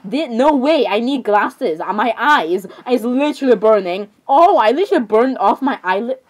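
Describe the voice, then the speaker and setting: A young woman giving excitable, dramatic casual commentary, often repeating exclamations and laughing. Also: on the high side, normal speed. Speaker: narrator voicing characters.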